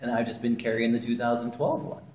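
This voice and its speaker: Filmed on a phone camera, a man rambles through a long, casual anecdote for his family, laughing often along the way. His medium-pitched, slightly mellow voice keeps a steady tone at a quick pace. The phone video has an echoey room and background noise.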